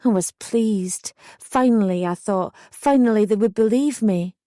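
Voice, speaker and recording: A woman's voice: mid-range voice, unhurried, dark tone, no room sound, clean studio sound. A young woman narrating a true first-person memoir as an audiobook, intense and emotional in her retelling.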